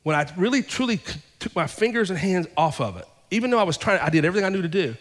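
A fairly high-voiced male pastor preaches in a church, his words ringing with the long reverb of a big sanctuary. He tells a personal story by acting out each side of the conversations himself. As the sermon goes on, he builds to fervent, raised preaching. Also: animated, quick pace.

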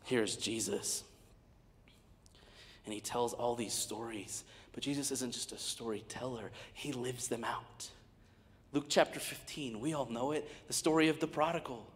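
High-voiced man preaching, whisper to shout. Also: in a large hall. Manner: dynamic, swinging from hushed whispers to loud shouting. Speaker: guest preacher. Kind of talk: sermon.

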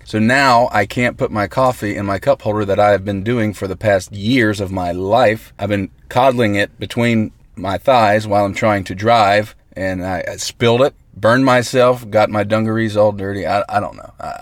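A man hosting a comedic mock radio broadcast, excitable, rambling and mock-earnest, talking from inside a parked car. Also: fairly low pitch, normal speed, hardly any pauses, no room sound. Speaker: host. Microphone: close mic in a parked vehicle.

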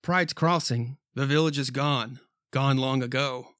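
A mysterious stranger in black from a horror comic, read aloud by a man, slow and solemn in the way he speaks. The delivery is close and dry. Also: medium pitch, steady tone, fairly bright tone, no echo, natural voice. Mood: ominous.

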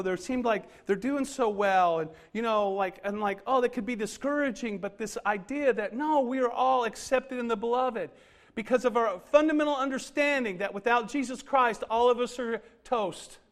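With a very high-pitched, fairly bright voice, a middle-aged preacher shares a funny story at his own expense. His sermon delivery is relaxed and chatty, full of fillers.

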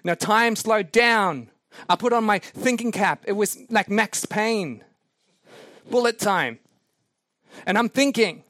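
High-voiced man telling a sermon story. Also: slow, pauses often, no echo, studio quality. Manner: animated, self-mocking anecdotes with laughs. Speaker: preacher.

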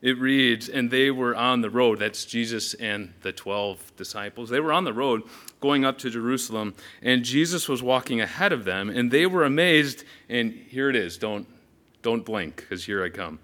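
A man's voice: medium pitch, moderate pace, lightly acted. A man playing Nathaniel, an awestruck disciple. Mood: animated. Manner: animated storytelling, speaks straight to the listeners. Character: earnest young male follower of Jesus, awestruck. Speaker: preacher in character. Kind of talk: first-person biblical character monologue.

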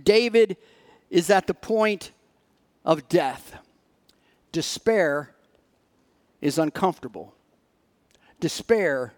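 A man delivering a sermon as pastor, reading scripture earnestly and asking the congregation rhetorical questions, with dramatic pauses. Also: high-pitched.

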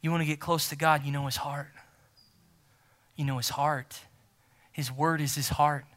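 A man preaching a sermon as pastor, emphatic and repeating key phrases, swinging from loud to near-whisper. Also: fairly high pitch, flat delivery, normal speed.

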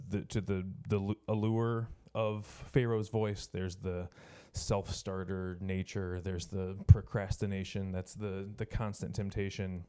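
A man's voice: fairly low pitch, mellow, smooth. A man preaching a sermon to college students, reflective and hesitant, often restarting his sentences. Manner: hesitant, reflective, frequent self-corrections.

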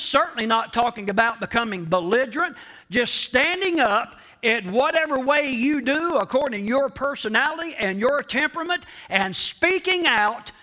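A man preaching a sermon as pastor, slow and emphatic, repeating key phrases and speaking straight to the congregation. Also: very high-pitched, bright, forceful tone. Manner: addresses the congregation directly.

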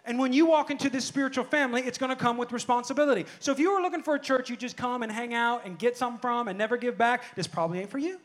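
A pastor in his thirties or forties preaching a sermon in church, telling stories and calling out to the congregation, dropping to soft asides and rising to loud, emphatic points. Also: very high voice, very fast, hardly any pauses. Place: church sanctuary before a congregation.

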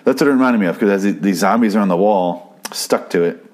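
A man on a podcast recaps a TV episode, rambling casually with plenty of profanity and frequent sentence restarts. He talks fast, with a fairly low pitch and a slightly mellow sound.

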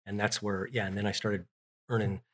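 A man's voice: fairly low pitch, little pitch movement, brisk. A middle-aged man telling childhood stories in an interview, rambling with restarts and fillers. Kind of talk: casual storytelling.

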